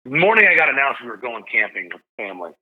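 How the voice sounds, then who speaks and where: An excitable, jokey man tells a story to his podcast host. His voice comes through a thin, phone-like line, as if he is calling in remotely. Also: medium pitch, racing. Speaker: stadium PA announcer, podcast guest.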